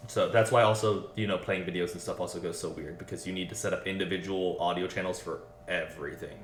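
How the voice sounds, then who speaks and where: A man narrating as game master for an online tabletop game, his voice sitting fairly low. He talks in a loose, casual way, full of fillers and quick apologies. The sound carries a noticeable roomy echo. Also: steady tone, slight background noise.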